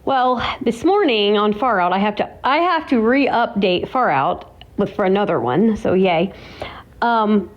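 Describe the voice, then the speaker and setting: A woman's voice: mid-range voice, lively intonation, measured pace. A woman hosting her own vlog, tearful and emotional, talking in a rambling way full of restarts and exclamations. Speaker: vlogger and host. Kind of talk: casual emotional vlog chat. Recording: dull lo-fi recording.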